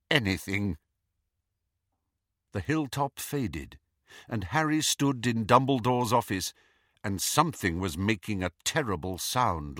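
Slow, low-voiced male audiobook narrator. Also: no echo, clean studio sound. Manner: even, unhurried storytelling. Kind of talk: scripted narration.

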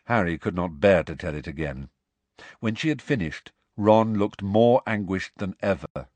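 A man narrating an audiobook in a measured, expressive way. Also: low-pitched, dry recording.

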